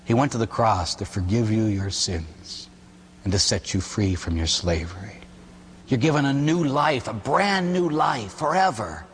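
A man who is a priest, giving an animated sermon and acting out quotes, often ending lines with "huh?". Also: lowish voice, unhurried, a little hiss or hum. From Pittsburgh area, USA. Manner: animated storytelling with acted quotes and "huh?" tags. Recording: long hall reverb.

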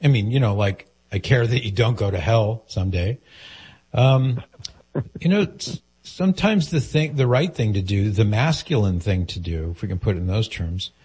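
A man's voice: fairly low pitch, darkish tone, breathy edge. A man hosting a call-in advice show, speaking directly and earnestly and posing questions to the caller. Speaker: radio advice host.

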